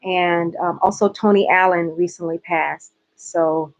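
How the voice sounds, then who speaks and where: A woman's voice: lowish voice, fairly even intonation, unhurried, muffled recording. A woman from Georgia with a light Southern accent, chatting playfully with her viewers in a casual livestream. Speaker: host.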